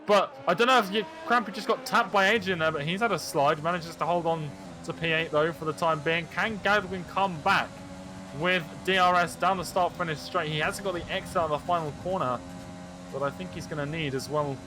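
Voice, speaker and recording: Man explaining an online race, a bit higher voice, music playing under. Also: brisk. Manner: analytical, follows onboard cameras. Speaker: race co-commentator. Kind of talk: sim-racing color commentary.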